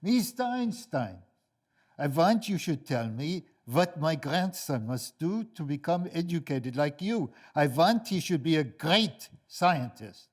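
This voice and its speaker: A man's voice: a little high, animated, slow pace, voice pushed up. A man voicing a pushy tiny old immigrant grandmother with a Central European accent, who scolds and demands in broken English. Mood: demanding.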